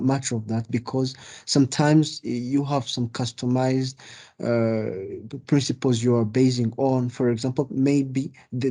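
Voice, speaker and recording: A man's voice: medium pitch, warm tone. Hesitant man asking a webinar question. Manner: hesitant, restarts, non-native phrasing.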